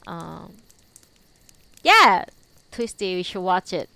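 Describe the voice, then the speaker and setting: Between readings from a book, this young streamer giggles and chats with her audience, responding to chat even though she's still teary after a cry. She speaks slowly in a low-ish, sing-song voice with vocal fry, pushed and bright. There's no room sound at all.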